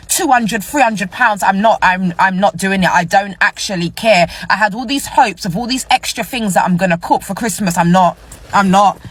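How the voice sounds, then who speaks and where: A stressed woman vents bluntly to her followers, swearing and repeating her points. Her voice is husky, and it sits at an ordinary middle pitch. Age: 40s. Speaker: vlogger. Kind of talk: casual ranting to followers.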